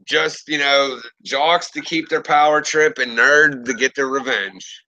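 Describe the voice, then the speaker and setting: A man's voice: medium pitch, fairly even intonation, measured pace, sharp tone, rough recording. A man, telling a story in casual, profane talk and acting out what people said. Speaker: podcast host.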